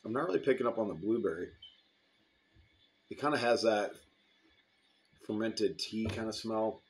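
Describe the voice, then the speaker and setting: A man's voice: lowish voice, normal speed, slight background noise. A man casually reviewing hot sauce, rambling between bites and sips. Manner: relaxed, rambling, eating and sipping while talking.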